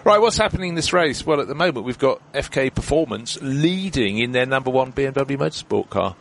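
A man's voice: mid-range voice, animated, fairly quick, gravelly, a bit bright, slight background noise. A man commentating on a motor race, explaining strategy in detail with a chatty manner.

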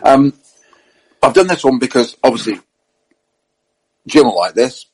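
A husky-voiced man in middle age, spinning racing stories with lively quotes and quick self-corrections. His pitch sits mid-range for a man, and the talk stays casual. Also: low-quality recording. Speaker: podcast co-host and racing driver. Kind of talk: casual chat, anecdote telling.

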